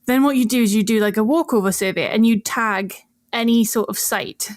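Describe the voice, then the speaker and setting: A woman's voice: a little high, fairly quick, no room sound, clean studio sound. A woman co-hosting a podcast, explaining archaeology in casual chat and laughing often.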